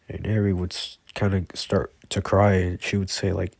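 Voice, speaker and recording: Gravelly low-voiced man telling a story. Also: little pitch movement, normal speed, a little mellow, no room sound. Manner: rambling, lots of fillers and self-corrections. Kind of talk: casual improvised fan storytelling.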